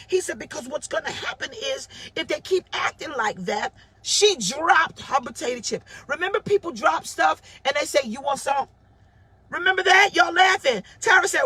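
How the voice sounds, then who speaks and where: A woman in her forties preaching an animated livestream sermon, calling out viewers by name and raising her voice often. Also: high-pitched. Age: 40s. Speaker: pastor.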